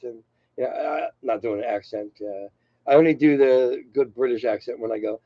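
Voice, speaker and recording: A man's voice: medium pitch, brisk, husky, no echo. An older man hosting his own channel, talking in a loose, rambling, self-deprecating monologue. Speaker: channel host. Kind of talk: casual unscripted monologue. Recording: dull lo-fi sound.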